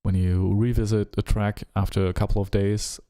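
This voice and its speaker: A man with a German accent chatting casually during a live music-production stream, musing and relaxed, humming rhythms and trailing off. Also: lowish voice, normal speed. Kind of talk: casual live-stream chat while working.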